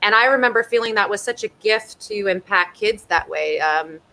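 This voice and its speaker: A woman's voice: mid-range voice, moderate pace, bright, forceful tone, a little hiss or hum. A woman from Southern California, an actress chatting playfully and laughing often as a guest in a live online interview from home over a video call. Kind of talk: casual live interview chat.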